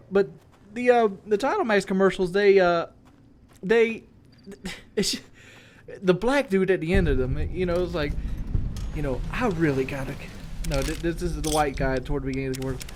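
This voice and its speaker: A man's voice: sits high, animated, normal speed, slight background noise. A young man giving a crude, joking video game commentary rant, breaking into mocking impressions. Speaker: gaming commentator.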